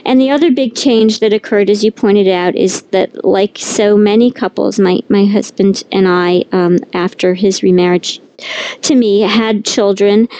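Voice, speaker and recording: A woman's voice: mid-range voice, fairly even intonation, unhurried, warm tone, poor audio. A middle-aged woman author talking candidly and with animation as a guest in an interview. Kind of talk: conversational interview.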